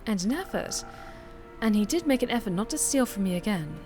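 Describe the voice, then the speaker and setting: A woman voicing a pompous, self-important female high cleric investigator, speaking formally and grandly. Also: sing-song, a little fast, music in the background, lightly acted. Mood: formal, self-assured.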